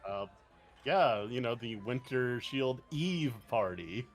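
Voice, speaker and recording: A man's voice: mid-range voice, expressive, slow, soft background music. A man playing a tabletop game, talking in a hesitant, joking way. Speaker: player.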